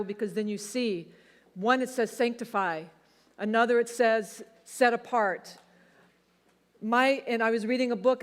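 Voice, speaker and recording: A middle-aged woman pastor preaching a sermon, telling a personal testimony in a conversational, animated way. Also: a little high. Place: church sanctuary. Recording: long church hall reverb.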